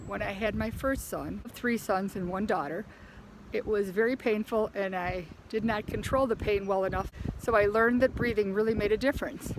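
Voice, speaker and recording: A middle-aged woman, a mother of four, giving a short, measured account of childbirth. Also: medium pitch, slight background noise, rough recording. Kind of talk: brief prepared testimony.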